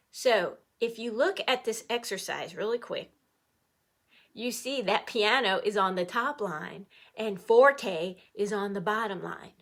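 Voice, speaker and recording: A middle-aged woman teaching an online music lesson to children, playful and animated, cheering the class on. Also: mid-range voice, a little slow.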